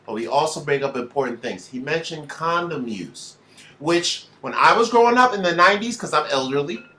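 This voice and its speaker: A man's voice: fairly high pitch, animated, fairly quick, pushed and bright. A man in his forties hosting a comedy show, profane and teasing between acts. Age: 40s. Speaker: host.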